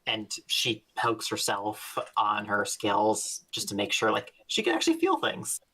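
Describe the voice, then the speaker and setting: Tabletop player, animated pitch, thoughtful in-character musing. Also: measured pace, husky. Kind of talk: tabletop game chat.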